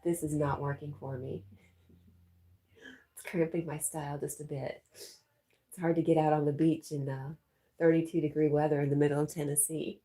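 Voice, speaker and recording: A woman with a low, mellow and slightly husky voice hosts a relaxed livestream. She chats easily and reads viewer comments aloud, laughing often. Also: moderate pace, pauses often. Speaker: livestream host reading chat. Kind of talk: casual live chat.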